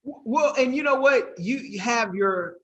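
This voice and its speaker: A man hosting a podcast, asking a guest casual, halting questions. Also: very high voice, animated, highs cut off. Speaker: podcast host. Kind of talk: conversational interview questions.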